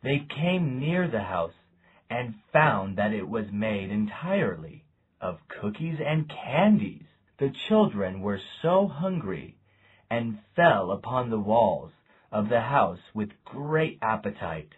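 A man reading a fairy tale aloud as narrator, slow and deliberate. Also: fairly low pitch, breathy edge, phone-quality sound. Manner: slow, deliberate, lively intonation. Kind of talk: storybook reading.

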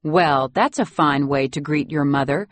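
A woman's voice: low voice, unhurried, no echo. A woman voicing a haughty, sarcastic elderly upper-class grandmother with a Boston Brahmin accent in an audiobook. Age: over 60. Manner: imperious, acid, sarcastic. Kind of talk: audiobook character voice.

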